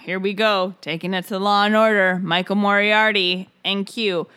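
A woman's voice: mid-range voice, steady tone, normal speed, pushed and bright, smooth. A woman in her forties co-hosting a podcast, joking and swearing in casual chat. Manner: joking, profane, riffing. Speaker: podcast co-host.

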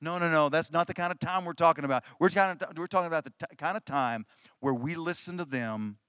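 A man's voice: a little high, brisk, bright, forceful tone, smooth, dry recording, studio quality. A middle-aged man preaching a sermon in a conversational way, often restarting phrases for emphasis. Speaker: pastor.

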